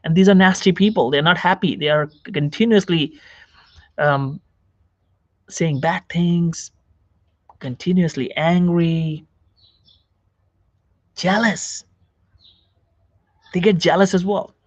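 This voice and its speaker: A man's voice: fairly high pitch, takes it slowly, long pauses, no room sound, muffled recording. A man, a doctor, giving a seated self-help psychology talk, repeating phrases and asking the viewer questions. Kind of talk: direct-to-camera self-help lecture. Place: seated on a chair.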